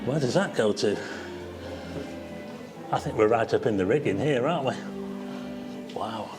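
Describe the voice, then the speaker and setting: A man walking through a large theatre, giving an excited, chatty tour commentary to his viewers. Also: medium pitch, unhurried, over music. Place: large theatre backstage and stairwells, indoors.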